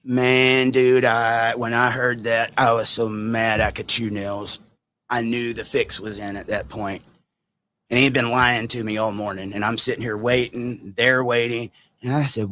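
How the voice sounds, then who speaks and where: A man vlogging a story to his viewers, animated and direct, acting out quotes as he goes. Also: mid-range voice, a little slow. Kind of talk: storytime vlog.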